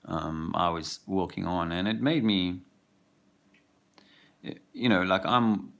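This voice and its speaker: Brief: low, gravelly male vlogger, rambling and hesitant, walking outside. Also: takes it slowly, a bit bright. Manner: rambling, hesitant, full of fillers. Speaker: father, vlogger. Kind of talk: reflective walking vlog. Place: outdoors, walking a park path.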